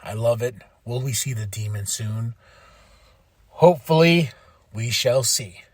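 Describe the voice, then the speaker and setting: A man hosting a podcast, excitedly recapping a wrestling show in casual chat, laughing and swearing freely. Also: medium pitch, measured pace, breathy edge, dry recording. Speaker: podcast host.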